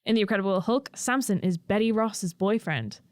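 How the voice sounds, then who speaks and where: A woman's voice: mid-range voice, dry recording, studio quality. A woman in her twenties co-hosting a podcast, chatting eagerly and laughing easily. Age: 20s. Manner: chatty, enthusiastic, quick to laugh. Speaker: podcast co-host. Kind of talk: casual chat.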